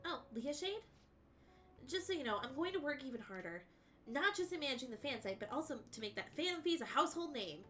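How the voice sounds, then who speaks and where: Woman reading a shy, earnest schoolboy; keep it high and lively, eager to please. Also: fairly quick, faint music behind. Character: timid teenage boy, former class punching bag.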